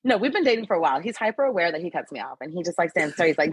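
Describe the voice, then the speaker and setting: A bubbly woman chats casually as a podcast guest, her voice a bit husky. She laughs a lot and scatters "like" through her sentences. The sound is dry and close. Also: lowish voice, big pitch swings, rapid-fire, no echo. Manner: bubbly, laughs often, many "like" fillers. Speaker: guest actress.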